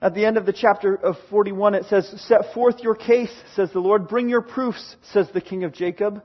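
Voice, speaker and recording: Male preacher, higher pitch, husky, sermon delivery swinging from booming to hushed, dull lo-fi sound. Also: fairly even intonation, moderate pace. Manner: reads scripture aloud with dramatic swings from booming to hushed.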